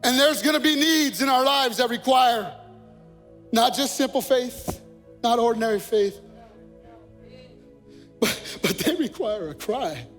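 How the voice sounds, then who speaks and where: Guy pastor preaching in a church, really high voice, big long reverb and soft music behind. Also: animated, a little slow, long pauses. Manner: preaching with rising intensity, repeating phrases. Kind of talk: sermon. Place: church sanctuary.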